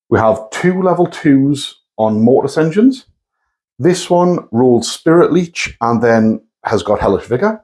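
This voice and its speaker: A man's voice: medium pitch, darkish tone, low-quality recording. A man co-hosting a tabletop wargame battle report, talking casually and correcting himself as he goes. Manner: easygoing, rambling, self-correcting. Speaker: co-host of a tabletop wargaming channel. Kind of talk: casual chat.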